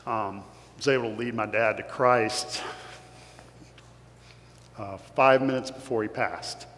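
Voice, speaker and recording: A man's voice: on the low side, fairly bright tone. Man, Kentucky accent, earnest storyteller, emotional, echoey big room, faint hum. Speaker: guest speaker. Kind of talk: motivational talk. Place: large hall with audience.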